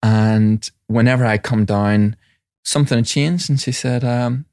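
A man's voice: mid-range voice, a little slow, no echo, clean studio sound. A man speaking as a mindfulness teacher and separated father, telling reflective personal stories with frequent restarts in a conversational interview. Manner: reflective, warm anecdotes with many restarts.

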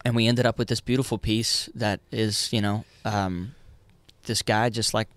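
A man's voice: lowish voice, level tone, normal speed, no echo. A man in his thirties, a musician guest in a casual interview, talking earnestly with many restarts and easy laughs.

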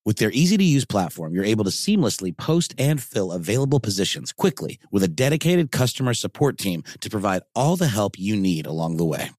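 A man's voice: fairly low pitch, sing-song, fairly quick, few pauses, a little mellow, no echo, clean studio sound. A man reading an ad in an upbeat, salesy way. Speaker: ad reader. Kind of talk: ad read.

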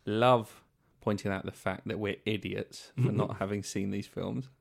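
A man's voice: lowish voice, fairly even intonation, a little slow, creaky. A man co-hosting a podcast, joking around and telling stories in casual chat. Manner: joking, storytelling. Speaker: podcast co-host.

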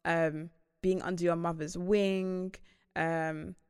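A young woman, chatting casually and telling animated stories about married life. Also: on the low side, slow pace, smooth, dry recording, clean studio sound. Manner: animated storytelling. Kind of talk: casual chat.

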